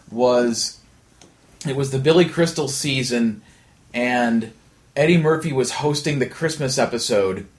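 A man hosting a podcast, telling an animated, rambling story in casual chat, full of restarts and asides. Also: mid-range voice. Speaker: podcast host.

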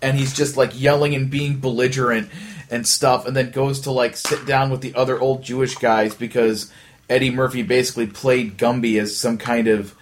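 A man hosting a podcast, telling an animated, rambling story in casual chat, full of restarts and asides. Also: mid-range voice, normal speed. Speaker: podcast host.

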